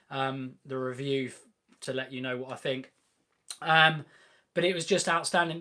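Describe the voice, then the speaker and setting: A man's voice: on the high side, a bit bright. A young man hosting a live car Q&A, chatting casually and enthusiastically, with plenty of ums and restarts. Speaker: host of a car channel live Q&A. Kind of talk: casual live-stream Q&A chat.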